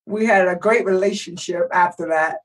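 A middle-aged woman from Texas telling a lively story in casual chat, acting out the voices of people in it. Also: lowish voice, normal speed, far from the mic, rough recording. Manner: animated, acts out voices in her story. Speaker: guest.

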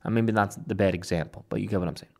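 A man hosting political commentary, excitable and emphatic, often rambling between points. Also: lowish voice, very fast, creaky. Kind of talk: opinionated commentary.

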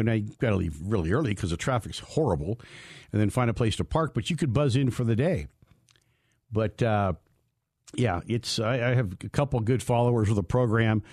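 A man's voice: lowish voice, a little mellow, dry recording, studio quality. A man hosting a motorsports radio show, talking casually with lots of fillers and restarts. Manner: rambling, many fillers and restarts.

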